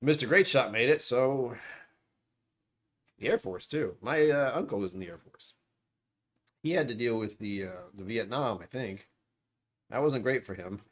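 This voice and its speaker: A man's voice: mid-range voice, animated, moderate pace, pauses often. A man hosting a casual livestream from home, rambling and sarcastic with self-deprecating asides. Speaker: livestream host. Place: at home, dishwasher running nearby.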